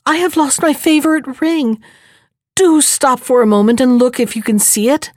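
Brief: scheming fairy-tale princess, high and pleading, voiced by a woman reader. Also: normal speed, darkish tone, dry recording, clean studio sound, lightly acted. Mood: feigned dismay. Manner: feigned dismay. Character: sly, scheming young princess.

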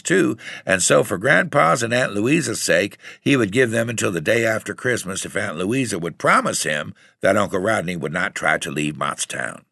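A man narrates a story aloud in a steady, even reading voice. His low voice has a gravelly grain and a bright, forward tone. The sound is close and dry. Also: dry recording. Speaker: audiobook reader. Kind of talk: scripted narration.

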